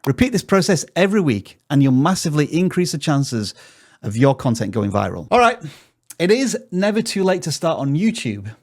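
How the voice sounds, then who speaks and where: A man's voice: a little high, sing-song, normal speed, a little mellow. A man hosting a scripted tutorial on growing a YouTube channel, giving direct advice in an upbeat tone with the odd joke. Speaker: YouTube growth tutorial host.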